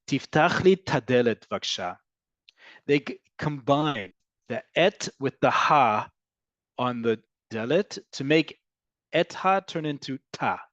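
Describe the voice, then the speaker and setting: Male language teacher, mid-pitched, lively explainer, dry close-mic sound. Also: takes it slowly, no room sound, highs cut off. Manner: explanatory, animated, answers questions as they come in. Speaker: Hebrew teacher. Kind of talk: online language class.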